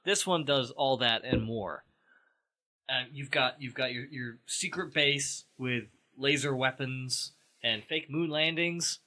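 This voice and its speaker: A man's voice: mid-range voice, slow, pushed and bright, poor audio. A man co-hosting a podcast who enthusiastically piles up over-the-top examples while chatting about a film. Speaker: podcast co-host. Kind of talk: casual chat recapping a film.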